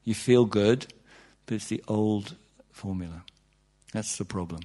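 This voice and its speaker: A man's voice: on the low side, measured pace, dark tone. A man giving an informal, humorous talk on meditation to an audience, full of asides and "you know"s, his voice jumping up for emphasis. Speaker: meditation teacher.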